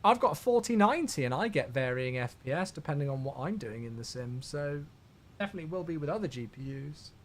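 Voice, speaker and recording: A man's voice: on the high side, expressive, quick pace, slight background noise. A man chatting casually on a flight sim live stream, rambling as he answers viewer questions.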